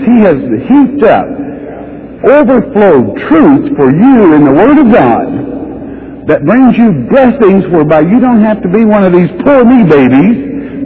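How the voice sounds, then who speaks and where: Folksy preacher on tinny radio. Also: male voice, a little high, a little hiss or hum. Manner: reads scripture slowly, then jokes and asides. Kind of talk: folksy radio Bible teaching. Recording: tinny phone-like radio broadcast.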